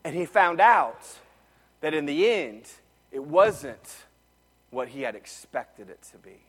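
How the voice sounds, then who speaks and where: A man preaching a sermon, telling a family story and swinging between loud, excited lines and hushed ones. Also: fairly high pitch, takes it slowly, slightly rough, long reverb tail. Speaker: pastor.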